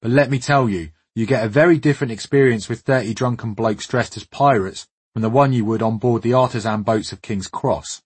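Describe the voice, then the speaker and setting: A man's voice: mid-range voice, fairly quick, hardly any pauses, husky, dry recording. A man reading scripted documentary narration in a wry, understated way with dry humour. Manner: wry, understated, dryly humorous. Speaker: travel documentary presenter.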